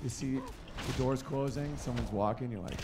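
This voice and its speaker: Stand-up comic, male, from the Northeast US, animated delivery with sudden high character bits; noisy live recording. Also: moderate pace. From Northeast United States. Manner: animated, acts out dog voices in high excited shouts. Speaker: stand-up comedian. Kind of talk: stand-up comedy set.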